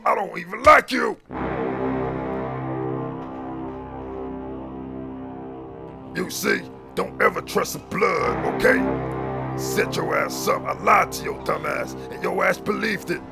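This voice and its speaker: A man's voice: high voice, vocal fry, heavily acted. A man playing a scheming gang leader who smugly brags about his tricks in a homemade comedy skit. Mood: gloating. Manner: smug, boastful.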